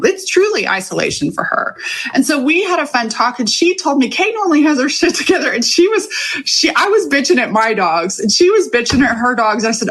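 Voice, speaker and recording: A woman's voice: a little high, a bit bright, slightly rough. A middle-aged woman, a coach, talking in a frank and confessional way about her own life, swearing freely as she goes. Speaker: leadership coach. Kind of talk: candid personal monologue.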